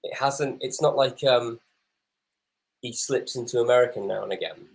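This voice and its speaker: A man's voice: mid-range voice, moderate pace, vocal fry, rough recording. A man chats casually through a TV episode as co-host of a watch-along review. His remarks are wry and offhand, and he reacts to each moment on screen as it plays.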